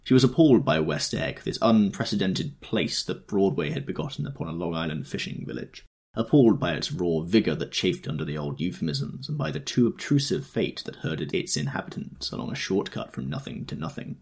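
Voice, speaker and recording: A man narrating a novel in the first person, measured and storytelling. His voice is very low and gravelly with a husky grain, and his intonation moves in lively swoops. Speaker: audiobook reader.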